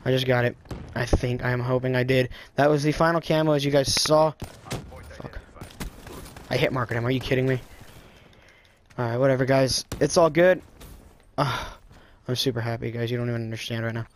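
A man giving live gameplay commentary, frustrated and swearing, with sudden excitable outbursts. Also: mid-range voice, brisk, long pauses, slight background noise. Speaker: gaming video creator.

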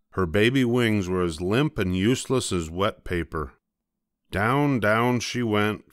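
An older man gently reading a children's picture book aloud, slowing down for the dramatic moments. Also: low-pitched, smooth, no echo, clean studio sound. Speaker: storybook reader.

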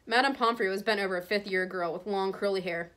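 A woman teacher reads a chapter aloud to her class in a steady storybook voice. Her voice sits at an ordinary middle pitch. She trips over a word now and then and calmly goes back to correct it. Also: fast talker. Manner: steady, with small stumbles and self-corrections. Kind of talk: reading a novel aloud.

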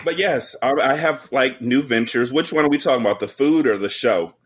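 A man's voice: medium pitch, fairly quick, breathy edge. Man, podcast guest, casual profane chat, joking storyteller, video call.

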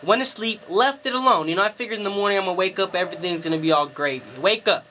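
A man who works as a DJ and promoter, telling a story to camera in a casual, animated and profane way, full of slang. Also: high voice, fast talker, a little hiss or hum. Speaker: DJ and club promoter.

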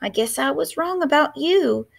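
A woman voicing a kind, plump old woman healer who speaks sweetly and brightly, reading a storybook aloud. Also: sits high, animated, normal speed, gravelly, pitched above the performer's own voice, exaggerated voice. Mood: gentle.

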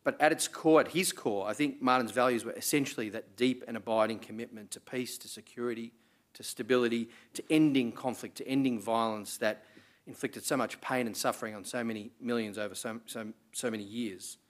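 A middle-aged Australian member of parliament, speaking with an Australian accent in a medium-pitched voice, delivers a formal memorial speech. He is measured and earnest, with the odd filler.

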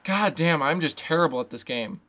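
A man's voice: a little high, lively intonation, fairly quick, a bit bright, soft background music. A young man giving frustrated live commentary while playing a football video game, ranting and swearing at the game. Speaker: gaming YouTuber.

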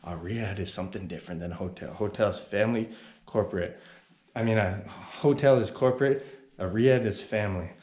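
A man's voice: fairly low pitch, brisk, a little mellow. A man casually vlogging while walking through a city, chatting and giving tips to viewers. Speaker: travel vlogger. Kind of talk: casual travel vlog. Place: outdoors on busy city streets. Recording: noisy outdoor street recording.

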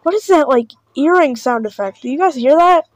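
High-voiced woman, mock-panicked and sarcastic. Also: lively intonation, a little fast, dry recording, poor audio. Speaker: video creator reacting to videos. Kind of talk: casual reaction commentary.

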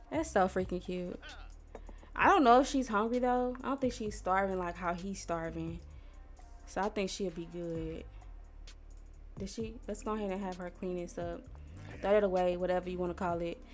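A woman's voice: fairly low pitch, faint music behind. A young woman from Missouri giving casual, slangy commentary while playing a life-sim game and talking to its characters. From Missouri, USA. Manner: chatty, talks to herself and the characters, slangy, quick to get annoyed. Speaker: gaming YouTuber.

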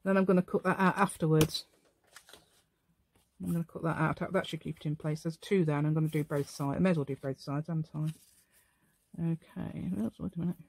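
A woman's voice: deep voice, fairly even intonation, fairly quick, a little mellow, husky. A tired, middle-aged woman hosting a casual crafting tutorial, chatting and rambling to herself as she works at home. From England. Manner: rambling, chatty, talks to herself while working. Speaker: craft channel host.

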